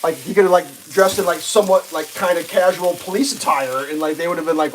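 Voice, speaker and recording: A woman's voice: on the low side, fast, a little hiss or hum, poor audio. A woman hosting a livestream, ranting casually with profanity, many restarts and exasperated asides. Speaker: livestream host.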